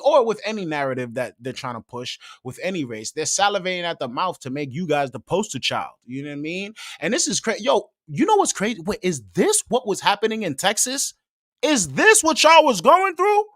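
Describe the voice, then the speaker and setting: A man hosts a live show and rants in slangy, casual talk, worked up and restarting his sentences. His voice sits a touch high and swings widely in pitch. The sound is close and dry, with little room. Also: dry recording. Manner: animated, slangy, restarts and fillers. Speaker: podcast host. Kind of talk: casual commentary.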